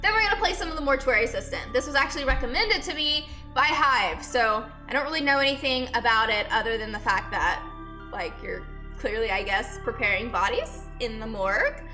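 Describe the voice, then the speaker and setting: Bright-voiced sick woman streamer. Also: fairly high pitch, brisk. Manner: rambling storyteller, greets chatters by name. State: sick and out of breath. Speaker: streamer and nurse. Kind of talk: casual chat with live viewers. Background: faint music.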